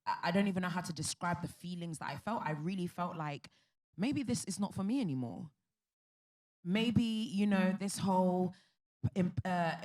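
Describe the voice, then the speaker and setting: A woman with a somewhat low voice speaks on a conference panel. She tells her own story candidly, in an earnest and emphatic way. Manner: earnest, emphatic, faith-filled.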